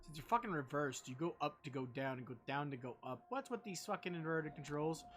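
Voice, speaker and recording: Lively, profane, joking game streamer. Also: mid-range voice, fairly quick, faint music behind. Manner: joking, profane, self-deprecating. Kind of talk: casual gameplay commentary.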